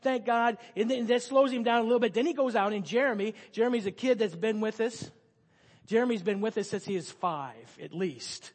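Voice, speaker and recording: Animated preaching man in a reverberant hall. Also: high voice, brisk. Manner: animated, swings from loud excited storytelling to soft hushed tones. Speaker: pastor. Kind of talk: sermon storytelling.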